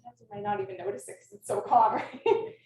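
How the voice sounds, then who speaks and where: Woman teacher, fairly high voice, earnest and passionate, talking on a video call from a roomy space set back from the mic. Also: quick pace, warm tone. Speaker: kindergarten teacher. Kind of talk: presentation to an audience. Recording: echoey room, distant mic, faint noise.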